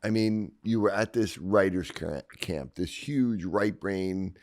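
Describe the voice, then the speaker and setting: Man, lower voice, podcast co-host, calm explainer who asks quick follow-ups, dry studio sound. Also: no echo. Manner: asks short questions, chuckles, explains calmly. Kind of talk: casual chat.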